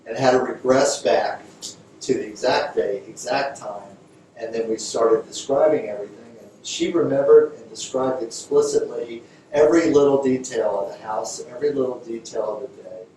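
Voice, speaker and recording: A man's voice: medium pitch, normal speed, dark tone. A man giving a conversational lecture as a yoga teacher, telling a story and acting out both sides of the dialogue in a raised voice. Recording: distant mic in an echoey room with faint noise.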